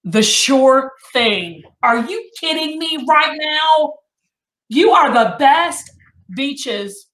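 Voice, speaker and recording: Bright, gushing woman host. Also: high voice, animated, extremely slow. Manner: gushing, exclamatory, bursts into singing. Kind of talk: casual live-stream chat.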